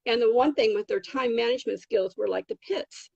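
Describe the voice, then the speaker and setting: A woman's voice: fairly high pitch, a little fast, vocal fry, darkish tone, breathy edge, no room sound, lo-fi sound. An older woman, a travel nanny, telling rambling stories from her career in a casual interview. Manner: rambling, many fillers and restarts. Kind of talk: casual anecdotal storytelling.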